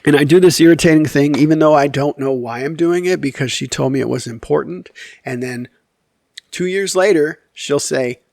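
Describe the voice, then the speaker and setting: A man's voice: a little high, normal speed, creaky, darkish tone, dry recording, studio quality. Rambling, wry man telling a story. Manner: rambling and candid, with many fillers and self-corrections; wry, self-deprecating humor. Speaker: YouTube storyteller. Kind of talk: casual storytelling monologue.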